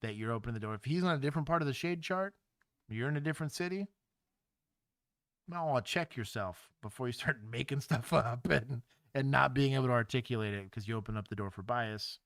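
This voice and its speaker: A former police officer from Texas, speaking, hosting a casual livestream and explaining things wryly. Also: male voice, medium pitch, quick pace, a bit bright, no room sound, studio quality. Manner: wry, explanatory, chatty.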